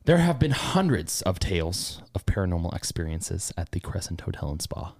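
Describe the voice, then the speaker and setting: A man's voice: deep voice, big pitch swings, normal speed, creaky, darkish tone, slightly rough, no room sound, studio quality. A man co-hosting a podcast in casual, jokey chat, sometimes slipping into mock newscaster bits. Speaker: podcast co-host.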